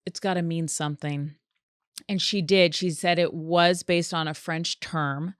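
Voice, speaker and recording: A woman hosting a solo comedic podcast, talking in an animated, chatty way and acting out quoted voices. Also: lowish voice, unhurried, clear, resonant tone, dry recording, studio quality. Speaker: podcast host.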